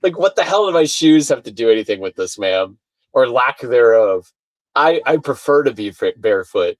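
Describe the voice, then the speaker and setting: A man telling a story in casual chat as a podcast guest, animated and swearing, laughing at himself, over a remote call mic that sounds far away. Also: mid-range voice, normal speed, no echo. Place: remote call from his studio.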